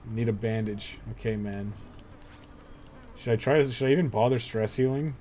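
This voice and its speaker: A man's voice: mid-range voice, normal speed, mellow, a little hiss or hum. A young man playing a dungeon game on a live stream, muttering and swearing through casual commentary. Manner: laid-back, swears a lot, muttering asides.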